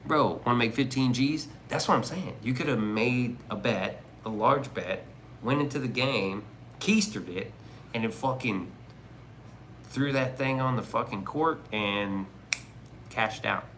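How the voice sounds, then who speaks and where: A man's voice: mid-range voice, unhurried, fairly bright tone, a little hiss or hum. A man streaming live, chatting casually with his viewers in joking, profane, rambling banter. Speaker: livestreamer reading chat. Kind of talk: casual livestream chat.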